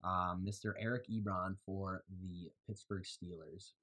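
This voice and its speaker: A man casually talking through his fantasy football picks on a podcast, loose and quick to laugh. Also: deep voice, steady tone, fairly bright tone. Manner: laughs easily, loose and joking. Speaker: podcast co-host.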